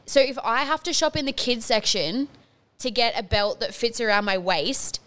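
A woman's voice: fairly high pitch, moderate pace, fairly bright tone. A young woman, co-hosting a podcast in casual chat, candid and swearing freely. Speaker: podcast co-host.

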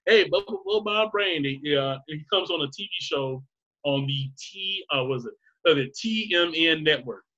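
A man's voice: a little high, normal speed, pushed and bright, muffled recording. A man rambling through a casual chat, laughing often and swearing freely.

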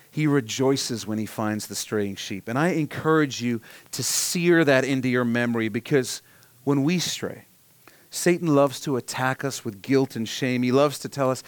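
Male preacher, earnest sermon delivery, soft emphatic drops, dry close recording. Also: mid-range voice, moderate pace, dry recording. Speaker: pastor.

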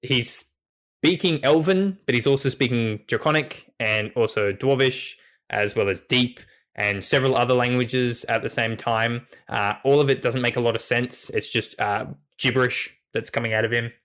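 A man's voice: medium pitch, normal speed, a bit bright. A man narrating as game master, rambling and restarting as he describes the scene. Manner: rambling, many fillers and restarts.

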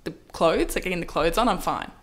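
A woman's voice: fairly quick, gravelly. Chatty woman telling a story. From Australia. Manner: lively, acts out quoted lines with big pitch jumps and laughs. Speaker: model, interview guest. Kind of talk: casual storytelling.

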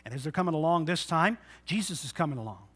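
A man preaching a sermon with a high, bright voice. He drops to a hushed, close tone, then rises to loud exhortation. He acts out the people in his stories as he goes. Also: expressive, fast talker, breathy edge. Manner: swings from quiet intimate talk to loud exhortation. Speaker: pastor.

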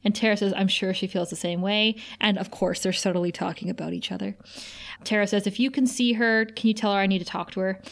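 A woman's voice: medium pitch, steady tone, a little fast, vocal fry. A woman co-hosting a podcast, casually recapping TV scenes with quoted lines and frequent laughter. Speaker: podcast co-host.

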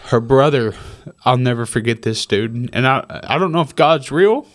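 A man's voice: mid-range voice, lively intonation, normal speed. A man, maybe in his thirties, telling a personal story in casual conversation. He swears and repeats himself for emphasis. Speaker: guest.

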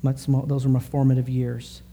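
A man in his thirties preaching a sermon in an animated, conversational way, full of rhetorical questions. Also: medium pitch, moderate pace, a little hiss or hum. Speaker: pastor.

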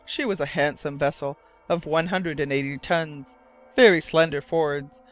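A man's voice: a little high, fairly even intonation, normal speed, a bit bright, soft background music, lightly acted. A man voicing a vain, chatty older male island governor who was once a corporal. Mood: reminiscing. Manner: chatty, boastful, eager to reminisce.

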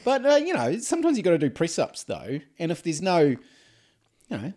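A man's voice: fairly high pitch, wildly swooping pitch, a little fast, darkish tone. A man with a New Zealand accent, co-hosting a podcast in a crude, laid-back, joking way. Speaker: podcast co-host. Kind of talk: casual banter.

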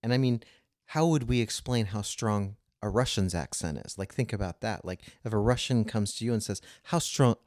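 Low-voiced man, rambling. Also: a little fast, darkish tone, no room sound, studio quality. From United States. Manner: rambling, frequent restarts, laughs while telling anecdotes. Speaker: podcast co-host. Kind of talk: casual conversation.

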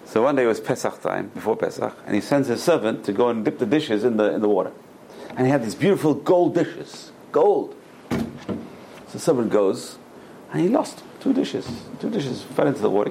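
A middle-aged man teaching a Torah lecture as a rabbi, an animated storyteller who repeats words for emphasis and drops in Hebrew terms. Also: medium pitch, gravelly, a little hiss or hum. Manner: peppers speech with Hebrew terms.

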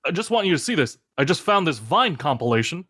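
A man voicing a genial former male president who talks haltingly with many pauses, as a comedic podcast impression. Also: fairly high pitch, big pitch swings, sharp tone, heavily acted.

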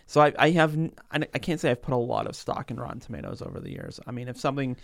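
A man's voice: medium pitch, racing, vocal fry, no room sound, studio quality. A man who hosts a film podcast and reviews movies, talking thoughtfully with frequent hesitations. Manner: thoughtful, hesitant, many fillers. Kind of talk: casual chat about films.

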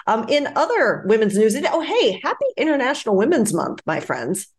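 A woman co-hosting a casual podcast, animated and quick to laugh while she chats and reads out news. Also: on the high side. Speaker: podcast co-host.

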